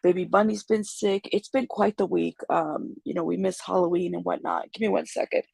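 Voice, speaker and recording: A woman hosting a casual livestream, raspy and congested from a cold, rambling and greeting viewers in the chat. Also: on the low side, flat delivery, fairly quick, a little mellow, no echo. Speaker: YouTube news host.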